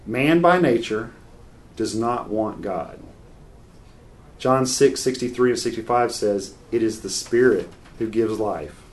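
A man's voice: on the low side, slow. A man preaching a sermon, earnest and unscripted, moving from scripture into a family story with frequent restarts.

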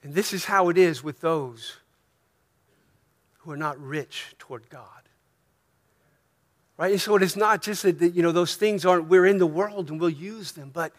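A man's voice: a little high, normal speed, long pauses. A man with an American accent preaching a sermon as pastor, talking in a conversational way, often checking in with "right?" and rising to emphatic peaks. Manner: swings from soft asides to emphatic rises.

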